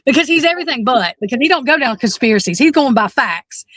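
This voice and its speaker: A woman in her 40s from Alabama co-hosts a true-crime podcast, discussing cases casually in a blunt, fired-up way. She swears freely and restarts her sentences. Her voice is high, expressive, fast and fairly bright, with no echo.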